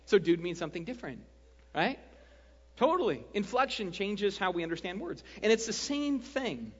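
Man, high-pitched pastor, animated sermon, joking tone, dull lo-fi recording. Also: normal speed, husky. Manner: animated, joking, keeps asking "right?". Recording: dull lo-fi sound, long hall reverb.

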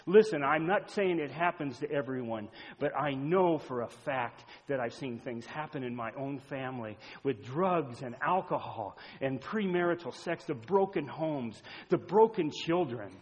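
A middle-aged man preaching a sermon as a pastor, swinging between loud urgent appeals and hushed storytelling. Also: mid-range voice, expressive, a little slow, hardly any pauses. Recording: echoey hall, dull lo-fi sound.

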